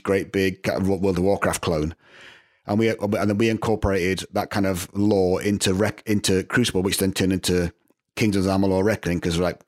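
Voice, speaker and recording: A middle-aged man with a Northern English accent, telling animated stories with frequent laughs as a guest in a casual interview. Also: sits low. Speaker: guest composer.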